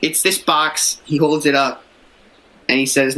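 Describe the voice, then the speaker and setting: A man playing a tabletop game, describing what his character does in an animated way. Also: fairly high pitch, unhurried, rough recording. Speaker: player.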